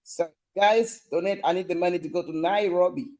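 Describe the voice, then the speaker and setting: A man's voice: sits high, fairly even intonation, brisk, warm tone. A young man hosting a casual live stream, reading viewer comments in a playful, teasing way and laughing often.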